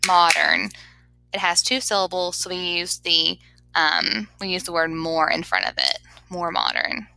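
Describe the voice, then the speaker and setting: A woman's voice: lowish voice, sing-song, a little slow, creaky, sharp tone, clear, resonant tone, poor audio. A woman teacher giving a grammar lesson over slides, patiently sounding words out syllable by syllable.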